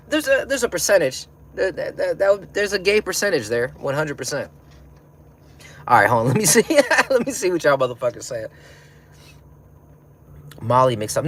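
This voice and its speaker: This livestream host, with a medium-pitched, slightly bright voice, is high and rambling. He throws around slang, laughs frequently, and reads out viewer comments during the casual chat.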